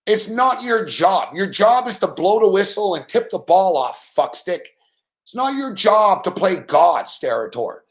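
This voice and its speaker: A man's voice: high voice, very animated, measured pace. A young man hosting late-night sports betting commentary, ranting angrily and swearing at a referee. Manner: profane angry ranting.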